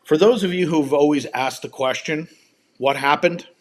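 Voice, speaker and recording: A man's voice: on the high side, moderate pace. Furious, profane man ranting. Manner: heated, profane, emphatic. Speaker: livestream host. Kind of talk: angry livestream rant. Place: at home.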